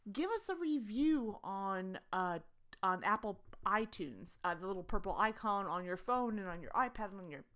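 A woman's voice: mid-range voice, animated, moderate pace, fairly bright tone. A woman hosting a tabletop role-play podcast as its game master, chatting casually through announcements with many fillers and restarts, eager and pleading with her listeners for support.

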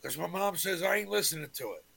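A man's voice: sits high, animated, quick pace, vocal fry, sharp tone. A man on a casual sports podcast, telling a profane story about watching a game with his dad. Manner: profane, tells family anecdote with quoted dialogue.

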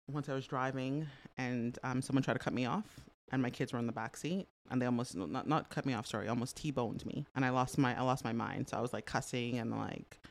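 Middle-aged woman, gravelly voice, animated chatty storyteller, from canada. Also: extremely low pitch. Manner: animated storyteller, frequent fillers, laughs often. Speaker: podcast guest. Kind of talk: casual interview chat.

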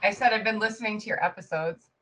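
A woman's voice: medium pitch, fast talker, over loud music, rough recording. A young woman with a Chicago accent guesting on a podcast in casual chat, giggling between phrases.

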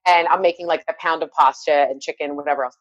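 A woman's voice: low-pitched, steady tone, fast, no room sound, dull audio. A woman in her thirties, a mother of three boys, chatting casually and telling rambling, self-deprecating stories. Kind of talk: casual chat.

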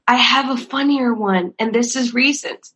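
In this low-quality recording, a crowd can be heard behind a young woman whose voice sits on the high side and moves at a moderate pace. She's a ministry worker and guest, animatedly telling funny church stories in casual conversation. She often laughs and performs quotes in a raised voice.

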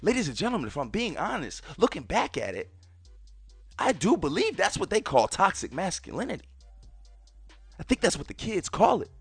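A man in his thirties hosting a podcast, telling a personal story and repeatedly addressing his listeners directly in an animated way. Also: sits high, moderate pace, breathy edge, no echo, soft background music. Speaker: podcast host.

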